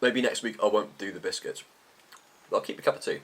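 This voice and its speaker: A man's voice: lowish voice, fast, a bit bright. A middle-aged man vlogging in an unscripted, rambling chat about tech, sometimes talking with his mouth full.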